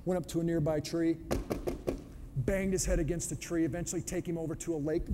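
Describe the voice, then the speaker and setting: A man's voice: on the high side, fairly even intonation, quick pace. A man giving a motivational talk on leadership, telling a fable with punchy, emphatic storytelling. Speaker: speaker on leadership. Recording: long hall reverb, faint background noise.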